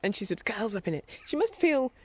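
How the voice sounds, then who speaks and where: A woman's voice: medium pitch, big pitch swings, fast talker, darkish tone, breathy edge. A middle-aged woman rambling casually as a podcast host, chatty and meandering. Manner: chatty, meandering, with frequent restarts and laughs.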